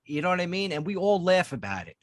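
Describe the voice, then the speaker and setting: A man's voice: high-pitched, sing-song, quick pace, no room sound, clean studio sound. A man, co-hosting a podcast in casual chat and ranting heatedly with plenty of swearing. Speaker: podcast co-host.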